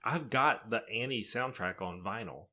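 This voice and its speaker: A middle-aged man with a somewhat low voice chats easily on a podcast. He tells little stories in a relaxed, unhurried way. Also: a little hiss or hum. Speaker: podcast co-host. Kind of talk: casual chat.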